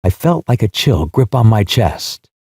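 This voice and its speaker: A male audiobook narrator with a low, mellow voice, reading in a measured, solemn way while his pitch ranges widely. He is recorded close on a studio mic in a dry, dead space. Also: big pitch swings, vocal fry, husky, no echo. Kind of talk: scripted literary narration.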